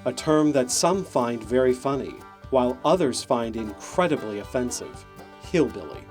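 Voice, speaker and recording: A man reads scripted documentary narration at a middle pitch. He is measured and explanatory, and faint music plays under his voice. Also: expressive, darkish tone.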